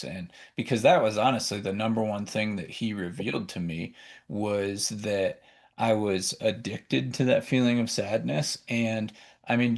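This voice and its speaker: A man with a low, gravelly voice talks earnestly and reflectively in a casual faith conversation, in a plain, unhurried way. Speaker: co-host.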